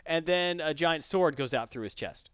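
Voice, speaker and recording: A man co-hosting a podcast in casual chat, rambling and animated as he acts out quotes. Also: a little high, normal speed, clean tone, dry recording, muffled recording.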